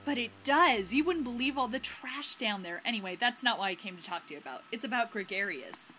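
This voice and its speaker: A woman voicing an earnest young male diver in a video game, pleading quickly and sincerely. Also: fairly high pitch, expressive, bright, forceful tone, a little hiss or hum.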